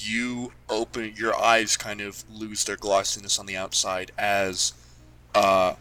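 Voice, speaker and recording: A man narrating as game master in a loose, halting way, with frequent restarts. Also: lowish voice, sharp tone, rough recording.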